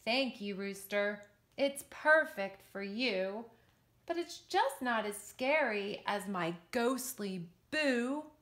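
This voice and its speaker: A woman's voice: on the high side, expressive, slow, a bit bright. A woman voicing a sweet, timid little girl ghost in a children's storybook reading. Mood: pleading.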